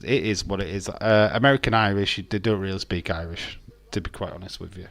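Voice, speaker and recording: A man's voice: low-pitched, brisk, creaky, few pauses, fairly bright tone, dry recording. Rambling jokey man streaming. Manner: rambling, jokey, reads chat aloud. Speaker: watch-along streamer. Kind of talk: casual live-stream chat.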